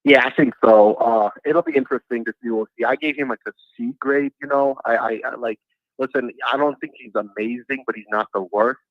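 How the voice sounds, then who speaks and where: A man calling in to a live show, talking in a relaxed, casual way with lots of fillers. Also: medium pitch, fairly quick, dry recording. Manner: relaxed, hedging, filler-heavy talk. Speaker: caller. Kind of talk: casual call-in chat. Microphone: phone call. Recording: dull phone-line call.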